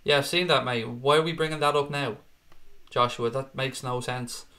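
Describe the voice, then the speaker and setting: A man's voice: mid-range voice, fairly even intonation, moderate pace, bright, forceful tone. A man in his thirties hosting a fan live stream, reading chat and answering in a blunt, chatty way, swearing freely and calling viewers mate.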